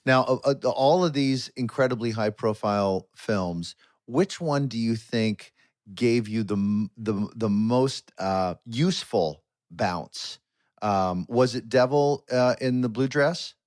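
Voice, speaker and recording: A middle-aged man co-hosting a podcast, asking questions in a measured, hesitant way with fillers. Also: mid-range voice, a little mellow. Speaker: podcast co-host. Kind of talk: casual chat.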